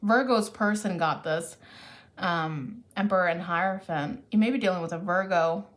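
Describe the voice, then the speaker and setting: This woman's voice sits fairly low, and she talks at a moderate pace while doing a casual tarot reading. Caffeinated and chatty, she works things out aloud, often starting over and fixing what she just said.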